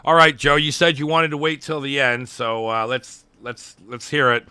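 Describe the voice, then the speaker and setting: A man's voice: mid-range voice, flat delivery, normal speed, sharp tone, clean tone, no echo, clean studio sound. A middle-aged man co-hosting a podcast, chatting casually and enthusiastically about a wrestling show. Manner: enthusiastic, retells promos in quoted voices. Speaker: podcast co-host. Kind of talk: casual wrestling review chat.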